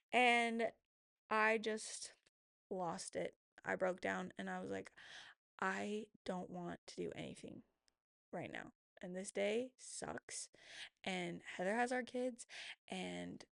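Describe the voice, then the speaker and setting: Woman, 30s, vlogger, confessional storytelling, heavy vocal fry, dry close sound. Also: mid-range voice, a bit bright, no echo. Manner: emotional, confessional, quick asides. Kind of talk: candid personal storytelling.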